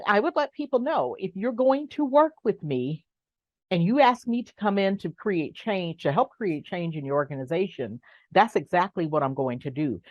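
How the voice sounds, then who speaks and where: A middle-aged woman with a lowish voice that swings up and down a lot as she talks. She speaks frankly and with emphasis. The sound is dull and lo-fi in a dry, close space. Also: dry recording. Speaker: guest. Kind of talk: conversational interview.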